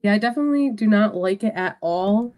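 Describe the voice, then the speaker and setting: A woman's voice: mid-range voice, lively intonation, fairly quick, darkish tone. Hesitant, agreeable woman. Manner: agreeable, hesitant, restarts often. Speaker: podcast co-host. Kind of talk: casual chat.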